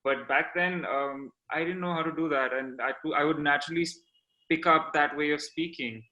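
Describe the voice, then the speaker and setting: A young man from India, a guest on a podcast, speaking in casual chat. He talks in a reflective, measured way, with hesitant pauses. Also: on the high side, pushed and bright, muffled recording. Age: young adult.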